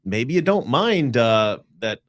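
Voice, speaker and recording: A man in his forties co-hosting a casual panel chat, thoughtful and rambling, quick to laugh. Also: medium pitch, sing-song. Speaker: co-host.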